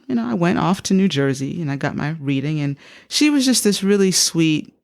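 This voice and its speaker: Animated, gravelly woman storyteller. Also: moderate pace. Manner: animated, acts out quoted speech with big pitch jumps. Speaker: psychotherapist guest. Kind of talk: personal storytelling in an interview.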